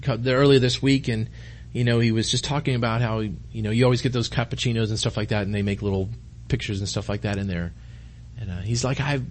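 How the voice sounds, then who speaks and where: A middle-aged male pastor preaching a conversational sermon, rambling with many restarts and sinking into quiet, intense stretches. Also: medium pitch, slight background noise.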